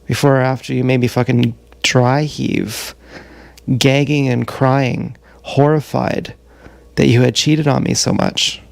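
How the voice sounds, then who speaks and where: A man livestreams a rambling confessional story in a gravelly, creaky voice at an ordinary pitch. He talks bluntly and profanely, stalling often on fillers. He is recorded on an action camera. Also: fairly even intonation, measured pace, dry recording.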